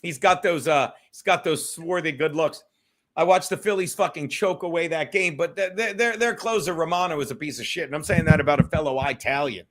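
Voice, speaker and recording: A man's voice: on the high side, brisk. A man hosting a casual solo livestream from his home, rambling loosely with plenty of swearing and talking straight to his viewers. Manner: loose, profane, rambling, talks to chat. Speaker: livestream host. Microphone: streaming setup.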